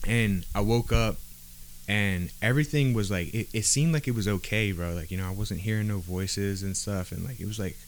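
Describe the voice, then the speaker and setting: A man on a podcast, telling a personal story in casual street slang, with lots of "bro" and "like" fillers. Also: low-pitched. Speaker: podcast guest.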